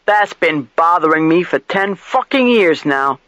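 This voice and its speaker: A man putting on a drunk, loud-mouthed cop, crude and spoiling for a fight, his voice pushed a little high. The audiobook read is dry and slightly muffled, with no room around it. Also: lively intonation, measured pace, dry recording. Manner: loud, crude, belligerent, swearing. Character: crude drunk middle-aged male police detective.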